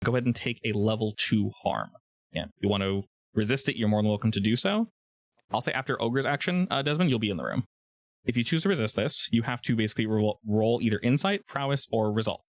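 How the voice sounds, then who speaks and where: Low-voiced male game master. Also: quick pace, no room sound. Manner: casual, explains rules with many fillers. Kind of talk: narrating a tabletop game.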